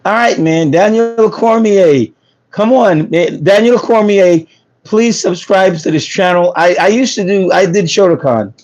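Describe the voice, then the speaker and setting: A man's voice: sits high, normal speed, a little mellow, lo-fi sound. A man from New York hosting a casual livestream, joking and laughing with viewers while losing his voice. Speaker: food truck business livestream host. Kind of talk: casual livestream chat reading comments. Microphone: phone.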